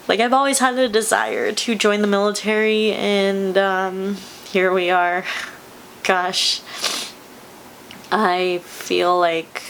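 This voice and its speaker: A woman's voice: mid-range voice, creaky, a bit bright, slight background noise. Young woman, vlogger, choked up and giddy, rambling, mid-range voice. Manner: tearful, laughing, rambling with many fillers. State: emotional, close to tears. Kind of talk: emotional personal vlog.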